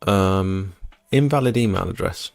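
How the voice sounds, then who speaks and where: A British man with a low, gravelly voice chats casually through a live stream. He replies to viewers' questions in a relaxed, rambling way, and faint music plays under his voice. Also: measured pace. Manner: chatty, answers viewer chat. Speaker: livestream host.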